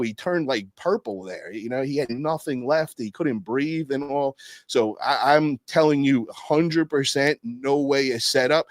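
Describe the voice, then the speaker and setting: A man in casual podcast chat, swearing freely and calling everyone bro. His voice sits in a middle register but leaps high when he acts out what others said. The sound is dry and close. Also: no echo. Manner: profane, animated, peppers speech with "bro". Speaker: guest telling stories.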